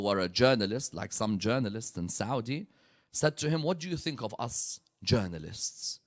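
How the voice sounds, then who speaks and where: Man giving a sermon, dramatic storytelling, lively pitch, bright forceful tone. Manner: dramatic storytelling, swings from hushed to loud. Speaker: preacher at a religious gathering.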